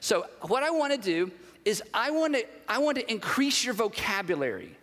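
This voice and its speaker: A man's voice: high-pitched, sing-song, normal speed, fairly bright tone. A man preaching a sermon as pastor, talking conversationally and acting out everyday dialogue. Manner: conversational, acts out quoted dialogue. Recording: long hall reverb.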